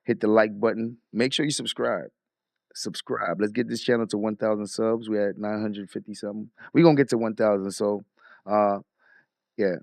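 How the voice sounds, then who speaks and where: A man hosting a livestream, giving animated, emphatic casual commentary with frequent restarts. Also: lowish voice, fairly quick, no room sound, clean studio sound. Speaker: livestream host. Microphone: headset or desk mic.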